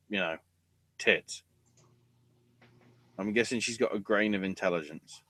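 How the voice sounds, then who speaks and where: A man hosting a wrestling podcast, talking casually with sarcasm and swearing, and acting out quotes in loud bursts. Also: fairly low pitch.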